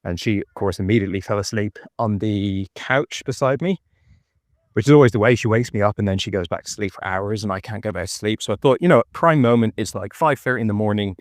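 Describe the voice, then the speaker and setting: A man's voice: on the low side, fast talker, dry recording, studio quality. An Irish man chatting and rambling in a phone voice note while walking outdoors. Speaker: podcast co-host. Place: park outdoors at dusk.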